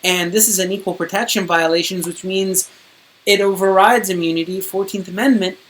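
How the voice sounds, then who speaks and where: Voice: medium pitch, fairly even intonation, fairly quick, fairly bright tone. Indignant streamer rambling about a lawsuit. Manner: indignant, wordy, swears casually. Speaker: streamer recounting own court case. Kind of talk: casual rambling monologue to viewers.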